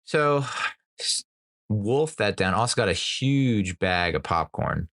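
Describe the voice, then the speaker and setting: A man's voice: on the low side, lively intonation, measured pace, fairly bright tone, dry recording, clean studio sound. A man in his thirties hosting a podcast, telling stories in a rambling, profane way with frequent laughs. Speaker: podcast host. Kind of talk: casual storytelling chat.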